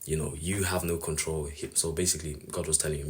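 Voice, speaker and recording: A man with an extremely deep, husky voice shares a casual devotional reflection. He talks earnestly in a flat, level tone and rambles as he works through his thoughts aloud. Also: quick pace, hardly any pauses. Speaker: Bible reflection speaker.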